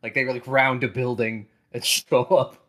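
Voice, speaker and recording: A game master narrating a tabletop game, softly and hesitantly, with many fillers. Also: mid-range voice, little pitch movement, normal speed, poor audio.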